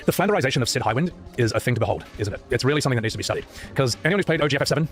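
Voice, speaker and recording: A man's voice: mid-range voice, animated, racing, faint music behind. A man streaming and chatting casually about games, opinionated and joking, prone to rants. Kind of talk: casual gaming chat.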